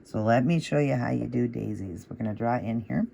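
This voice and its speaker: Gravelly, mellow-voiced man teaching patiently. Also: medium pitch, fairly quick, slight background noise. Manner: patient, repeats instructions rhythmically; encouraging. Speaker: nail art tutorial host. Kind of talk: casual step-by-step tutorial narration.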